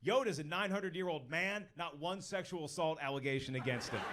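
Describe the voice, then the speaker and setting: High-voiced male stand-up comic. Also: brisk, few pauses. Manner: punchy and conversational, doing crowd work. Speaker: stand-up comedian. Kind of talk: stand-up comedy set. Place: comedy club stage. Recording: noisy live club recording.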